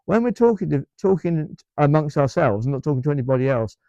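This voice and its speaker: A man's voice: a little high, big pitch swings, a little fast, warm tone, no echo, muffled recording. A man with an English accent chatting to camera in a vlog, enthusiastic and rambling, with many restarts and repeated words. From England. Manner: enthusiastic, emphatic. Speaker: vlogger. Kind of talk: casual chat to camera.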